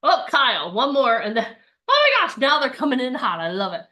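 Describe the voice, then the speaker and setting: A woman's voice: high-pitched, big pitch swings, brisk, bright, forceful tone. A woman coaching an online bootcamp, talking in an upbeat, chatty way and acting out the voices of people's inner thoughts. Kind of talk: live online workshop talk.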